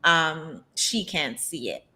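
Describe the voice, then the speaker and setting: A woman's voice: low voice, sing-song, slow pace, bright, forceful tone. A woman being interviewed who speaks candidly and with strong opinions, using lots of um's and likes. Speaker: interview guest. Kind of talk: casual interview chat.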